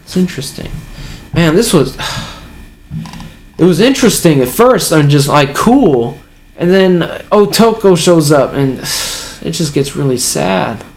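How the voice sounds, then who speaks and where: A man's voice: on the high side, animated, slow pace. Casual man reacting to a comic chapter. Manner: reads aloud, sighs and chuckles between remarks.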